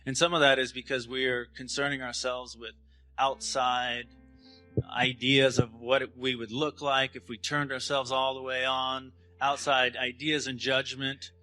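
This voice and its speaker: A man in his thirties giving a spiritual talk in a gentle, halting way, often restarting his sentences. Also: medium pitch, little pitch movement, faint music behind, low-quality recording. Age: 30s. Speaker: spiritual speaker.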